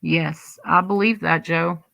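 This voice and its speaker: A woman's voice: fairly low pitch, steady tone, takes it slowly, vocal fry, bright, forceful tone, dry recording. A woman hosting a livestream, chatting casually and rambling as she reads and answers live comments. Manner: rambling, chatty, many restarts. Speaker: livestream host.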